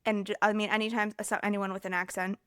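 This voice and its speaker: A woman's voice: mid-range voice, level tone, fast, clear, resonant tone, no echo, studio quality. A young American woman hosting a casual solo podcast, rambling and chatty with lots of fillers, overheated and a little scattered. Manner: rambling and chatty, heavy filler use, self-interrupting. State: overheated, distracted. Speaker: podcast host.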